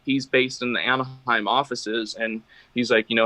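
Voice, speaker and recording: A man's voice: mid-range voice, little pitch movement, moderate pace, pushed and bright, no echo, poor audio. A man, a guest drum maker, talking casually in an interview with many fillers and restarts.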